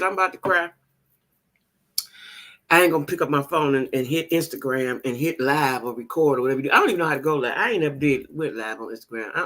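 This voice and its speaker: Speaking in a deep, somewhat bright voice, the host of a gossip show talks to her viewers in a casual, direct way. She repeats phrases to drive her points home.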